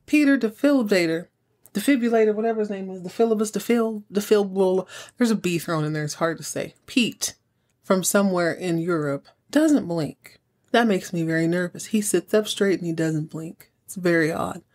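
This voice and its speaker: A woman's voice: on the low side, moderate pace, darkish tone. A woman hosting a podcast, casually recapping a soap opera episode and acting out characters' lines in playful voices. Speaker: podcast host.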